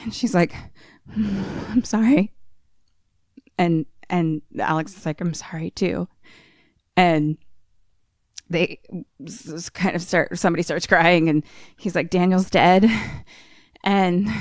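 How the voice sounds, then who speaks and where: A woman podcast co-host casually retelling a film plot, animated and swearing often. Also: fairly low pitch, unhurried, dry recording, studio quality.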